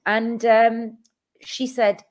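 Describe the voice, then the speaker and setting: A woman's voice: on the high side, level tone, extremely slow. A woman hosting a casual chat, thanking her guest and viewers with feeling and frequent ums and restarts. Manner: emotional, warm thanks with many ums and restarts; tearful, calls herself a crybaby. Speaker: host.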